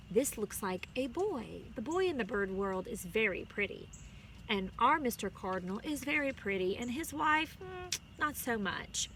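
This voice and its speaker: A woman, a music teacher, reading a picture book aloud to her students outdoors and pausing to explain words to the children. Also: mid-range voice, fairly bright tone, a little hiss or hum. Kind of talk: storybook read-aloud. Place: outdoors on a chilly day.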